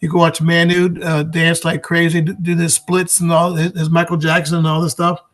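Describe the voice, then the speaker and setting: A man's voice: on the high side, completely flat delivery, moderate pace, a bit bright. A man being interviewed as a pinball expo organizer, talking eagerly and promotionally in casual chat, often restarting his sentences. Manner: enthusiastic, promotional, frequent restarts.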